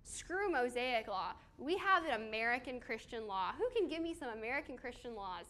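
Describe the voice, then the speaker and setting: A woman's voice: fairly high pitch, lively intonation, brisk, sharp tone. A woman giving a casual sermon to a small live group on a handheld mic, chatty and self-deprecating, with fillers and questions to the audience. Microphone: handheld microphone.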